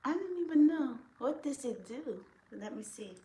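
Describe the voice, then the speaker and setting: A woman's voice: sits high, animated, normal speed, warm tone, slight background noise. A woman chatting casually through a makeup vlog, rambling and giggling often as she talks. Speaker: vlogger. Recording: echoey room.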